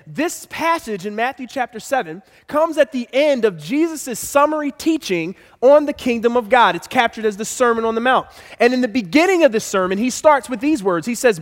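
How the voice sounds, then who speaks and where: Male pastor with a high voice, emphatic sermon delivery, repeating key phrases, echoing through a big church hall.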